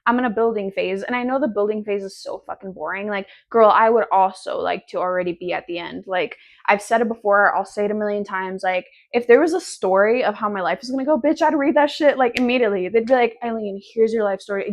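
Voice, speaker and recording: A woman's voice: mid-range voice, fairly quick, few pauses. A woman in her twenties hosting a casual solo podcast from home, sassy, profane and rambling. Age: 20s. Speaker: podcast host.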